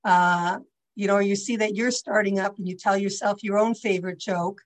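A woman's voice: mid-range voice, steady tone, normal speed, poor audio. An older woman leading a class over a video call, talking in a chatty, rambling way with frequent asides. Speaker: class teacher. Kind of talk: casual online class talk.

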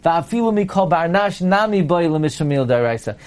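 A man's voice: a little high, expressive, brisk, a little mellow. A man teaching a Torah lecture, emphatic, asking his listeners rhetorical questions and quoting Hebrew and Aramaic texts before translating them.

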